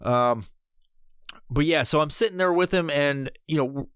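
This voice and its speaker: A man's voice: on the high side, moderate pace, fairly bright tone, smooth, no room sound, studio quality. A man in his thirties hosting a podcast, telling a comedic story in a rambling, heavily profane way. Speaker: podcast host.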